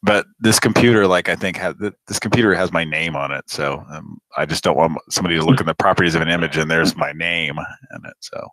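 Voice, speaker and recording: A man's voice: low voice, quick pace, few pauses, fairly bright tone, dry recording, poor audio. A man hosting a live prank call show, chatting casually and rambling with lots of fillers and laughs. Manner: rambling, hesitant, laughs often.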